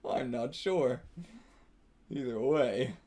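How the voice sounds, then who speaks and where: A man's voice: medium pitch, slow pace, warm tone. A man hosting a live manga reaction, reading along and thinking aloud casually, laughing often and swearing now and then. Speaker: manga reaction channel host.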